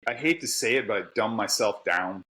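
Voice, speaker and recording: This Pittsburgh native, middle-aged and carrying the city's accent, joins a podcast as a guest author and tradesman, chatting candidly with frequent laughter. His fairly low voice is brisk, pushed and bright, with lively intonation. Audio quality is low.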